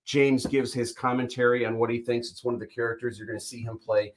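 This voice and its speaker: A man's voice: mid-range voice, flat delivery, fast talker. A man hosting a casual livestream, announcing upcoming plans in an upbeat way with many ums. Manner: upbeat announcer-like, hesitant with fillers. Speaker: host.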